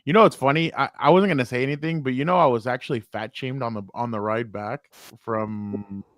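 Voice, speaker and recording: A man with a smooth, resonant voice tells a story on a podcast and acts out the people in it. He is recorded close and dry, with no room sound. His pitch sits in a middle range. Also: brisk, no echo. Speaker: podcast co-host. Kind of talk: casual chat, storytelling.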